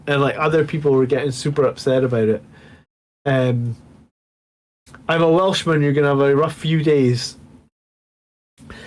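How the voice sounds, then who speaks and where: Rambling, cursing livestream host, higher voice. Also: male voice. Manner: rambling, swears freely, thanks viewers. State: drinking beer and whiskey. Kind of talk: late-night casual livestream chat.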